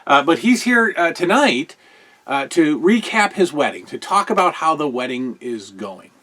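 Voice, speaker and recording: A middle-aged man hosting a podcast, reviewing old wrestling shows in casual, rambling talk. He gets excitable and often restarts his sentences. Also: on the high side, moderate pace. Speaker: podcast host.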